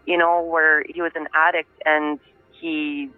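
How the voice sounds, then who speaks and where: A woman giving an interview over the phone, telling her story in a halting, reflective way. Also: deep voice, flat delivery, dry recording, soft background music. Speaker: interviewee, daughter of the subject. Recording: narrow tinny phone line.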